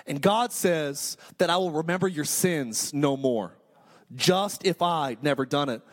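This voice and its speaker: A man's voice: on the high side, a little slow. A man preaching a sermon with emphatic, repetitive delivery and frequent restarts. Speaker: pastor.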